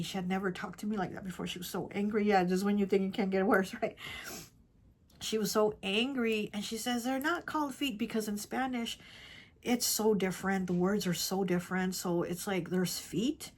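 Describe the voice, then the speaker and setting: Soft-spoken woman telling a rambling story. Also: mid-range voice, breathy edge. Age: adult with children. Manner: rambling, repeats herself, many "like" and "you know". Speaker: tarot reader. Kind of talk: casual personal storytelling.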